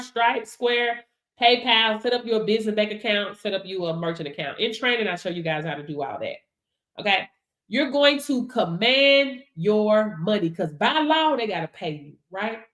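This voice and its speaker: Brief: woman, emphatic motivational livestream host, higher voice, echoey room. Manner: preachy, emphatic, laughing, calls out to viewers. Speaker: livestream host and business coach. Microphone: livestream setup.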